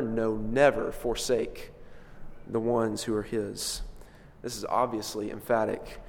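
Guy preaching a sermon, gets loud then soft for emphasis, big echoey church sound. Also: medium pitch. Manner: emphatic, swells and drops in loudness for stress. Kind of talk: expository sermon. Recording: long reverb of a large hall.

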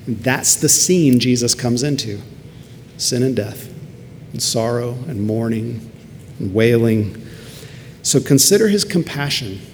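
A man's voice: mid-range voice, expressive, a little slow, a little mellow, a little hiss or hum. A man preaching a sermon earnestly, building to emphatic peaks. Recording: long hall reverb, faint ambience.

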